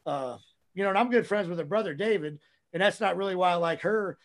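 A man guesting on a podcast, talking casually and profanely in a rambling, animated way. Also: high voice, fast talker.

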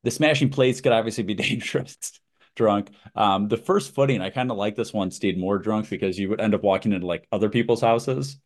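A young man co-hosting a casual podcast, relaxed, agreeable and quick to laugh. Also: fairly low pitch. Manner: easygoing, laughs often, agreeable backchannels. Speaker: podcast co-host. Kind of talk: casual chat.

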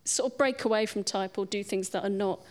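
A woman's voice: mid-range voice, brisk. A woman co-hosting a casual film discussion, thoughtful and analytical.

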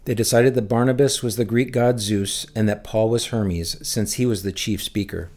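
A man reading Bible passages aloud for a church, in a measured, steady way that slows down for emphasis. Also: on the low side. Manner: lifts his voice for shouted lines in the text. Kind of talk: scripted scripture reading.

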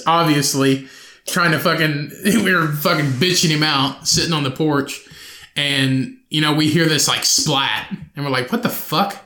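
Young male podcast host, loose and profane, slightly high, bright tone, echoey room. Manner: profane, rambling, animated storytelling with laughs. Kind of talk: solo podcast storytelling.

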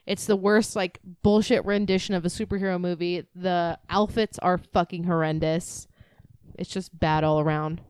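A young woman co-hosting a podcast in casual chat, blunt and animated, swearing freely. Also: normal speed, smooth, no echo, clean studio sound. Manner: blunt, swears a lot, animated, jumps high when mimicking. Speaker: podcast co-host.

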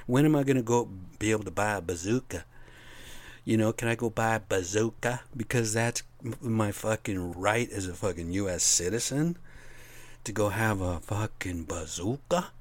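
Low-voiced man on a profane podcast rant. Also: moderate pace. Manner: profane, rambling and ranting. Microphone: his own podcast mic.

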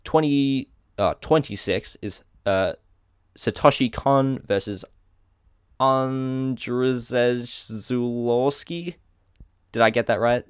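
A medium-pitched Australian voice, slow, clear and resonant, comes through at studio quality with no room sound. Co-hosting a casual podcast, he reads a list and stumbles on hard names, correcting himself in small ways.

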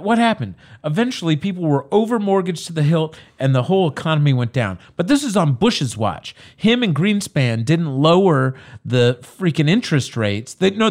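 A man in casual political banter, rambling and animated, restarting his sentences. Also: a little high.

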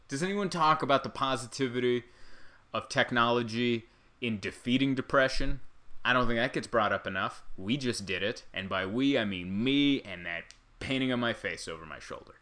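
Bright-voiced man rambling through a comedy podcast. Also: medium pitch. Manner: rambling, sarcastic, self-deprecating. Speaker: podcast host. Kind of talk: casual comedic monologue. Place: living room at home.

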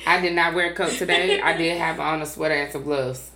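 A woman hosting a podcast, talking bluntly and profanely in loud, laughing casual chat with friends. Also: low-pitched, steady tone, brisk, roomy sound, a little hiss or hum. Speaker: podcast host.

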